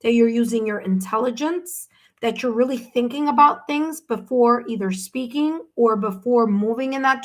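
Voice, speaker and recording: A woman hosting a live stream, giving gentle, reassuring tarot readings to viewers and often checking in with "okay?". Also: fairly high pitch. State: hiccups. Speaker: tarot reader.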